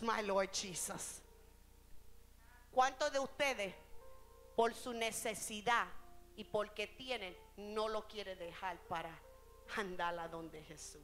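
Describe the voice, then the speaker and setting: A woman's voice: fairly high pitch, unhurried, sharp tone, faint music behind. A woman preacher giving a bilingual sermon in a church, switching between Spanish and English phrase by phrase, rising and falling in intensity and drawing out key words.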